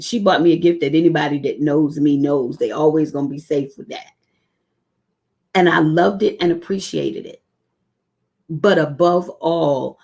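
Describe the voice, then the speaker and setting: Woman, low-pitched with a gravelly edge, earnest testimony-style devotional on a live stream. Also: a little mellow. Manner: earnest, personal, drawn-out emphatic phrases; emotional, close to tears. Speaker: devotional speaker.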